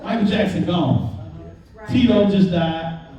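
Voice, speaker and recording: A man doing a stand-up comedy set in a live club, animated and talking straight to the crowd. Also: high voice, a little slow. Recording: roomy, far-off mic, loud crowd. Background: audience laughter.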